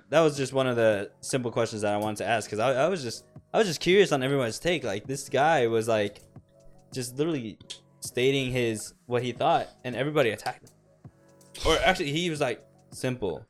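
A man's voice: mid-range voice, a little fast, faint music behind. A young man co-hosting a casual podcast chat, rambling and joking. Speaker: podcast co-host.

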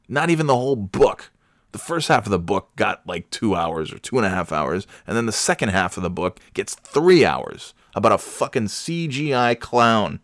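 A man's voice: fairly low pitch, a bit bright, no room sound, clean studio sound. A man chatting casually about a movie, rambling and profane, mocking himself as he goes.

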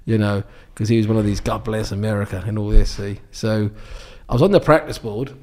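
A man's voice: lowish voice, fairly even intonation, brisk, a little mellow. An English man in his sixties, a guest telling rambling anecdotes with many ums and restarts in a casual interview. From England. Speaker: guest, former darts champion.

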